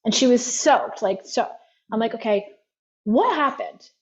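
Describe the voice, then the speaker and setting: A woman's voice: fairly high pitch, lively intonation, measured pace, muffled recording. A woman practitioner speaking as a guest, telling stories in an easy chatty way with many "like" fillers. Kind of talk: conversational storytelling.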